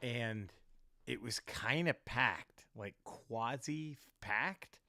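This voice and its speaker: A man's voice: medium pitch, very slow, sharp tone, dry recording, clean studio sound. A man, a comedian, telling a story casually in a rambling, profane way, with many restarts.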